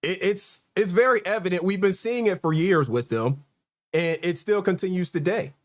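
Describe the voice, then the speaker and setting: A man's voice: high voice, normal speed. A man hosting a livestream, commenting on played clips in a sarcastic, exasperated way. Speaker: host.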